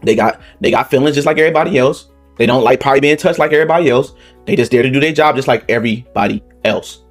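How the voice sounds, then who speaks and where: A man's voice: medium pitch, fast talker, faint music behind. Heated man ranting in reaction commentary. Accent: Southern Californian. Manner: heated, repetitive, rhetorical questions with frequent "okay?". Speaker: political commentary channel host.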